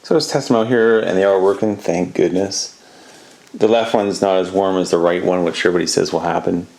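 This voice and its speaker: Male, low voice, easygoing DIY vlogger who rambles and grumbles mildly; faint noise behind. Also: fairly even intonation, fairly quick, vocal fry, darkish tone. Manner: laid-back, rambling, mildly exasperated. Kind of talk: casual how-to narration.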